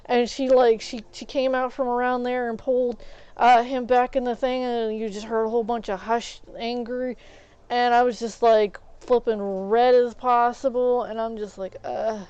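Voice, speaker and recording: A woman's voice: a little high, normal speed, smooth, no room sound, dull audio. A woman telling rambling stories on a stream, acting out what others said. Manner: rambling, animated, acts out quoted people. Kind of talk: casual storytelling while gaming.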